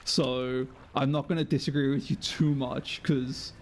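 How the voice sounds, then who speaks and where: A man's voice: mid-range voice, little pitch movement, unhurried, slight background noise. A man streaming a game live, chatting with viewers, sweary and self-mocking. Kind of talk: live gameplay commentary.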